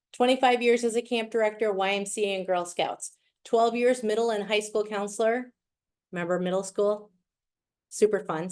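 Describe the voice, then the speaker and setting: A middle-aged woman with a Wisconsin accent is a guest speaker on a video call, giving a chatty, playful presentation. Her voice is medium-pitched and a little mellow.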